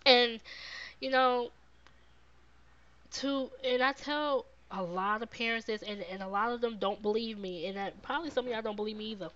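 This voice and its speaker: A woman's voice: fairly high pitch, moderate pace, lo-fi sound. A woman podcast host, talking casually to her live viewers, repeating words of encouragement and answering their comments. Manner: warm, repetitive encouragement, reads viewer comments.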